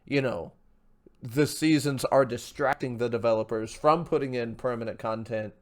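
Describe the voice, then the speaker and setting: A man hosts a laid-back podcast, reading viewer questions from the live chat and readily agreeing with his guest. His voice is mid-range and moves at a normal speed.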